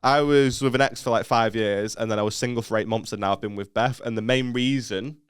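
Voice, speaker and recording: A man's voice: medium pitch, steady tone, fairly quick, clean tone, no room sound, clean studio sound. A man from northern England co-hosting a podcast, talking bluntly and opinionatedly in casual, sweary chat. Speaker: podcast co-host.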